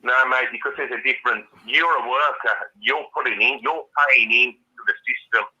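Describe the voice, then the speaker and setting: A man's voice: medium pitch, moderate pace, bright, forceful tone, slightly rough, highs cut off. A man calling in by phone to a live chat, ranting furiously and swearing constantly. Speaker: caller. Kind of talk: angry call-in rant. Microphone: phone call.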